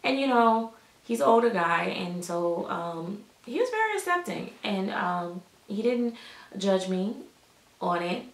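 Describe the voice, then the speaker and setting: A woman's voice: mid-range voice, unhurried, echoey room, poor audio. A woman vlogger telling a rambling, casual storytime about her doll collecting, acting out what others said. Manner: chatty, rambling, quotes others in animated voices.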